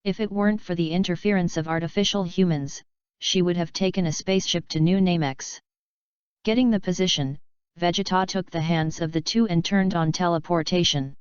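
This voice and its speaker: Smooth, low-voiced woman narrator. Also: steady tone, a little fast, dry recording, lo-fi sound. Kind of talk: audiobook narration.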